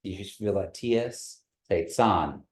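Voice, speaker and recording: A man leads a language class in a fairly low voice. He is patient and encouraging, slowing right down to model each word and its rising and falling tones. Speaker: language teacher.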